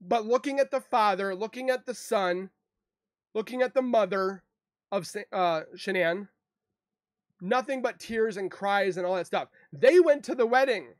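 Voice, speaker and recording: A man's voice: high voice, animated, a little slow, dry recording, clean studio sound. A man in an emotional, defensive monologue to camera, rambling and repeating himself as a true crime YouTuber. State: emotional, upset.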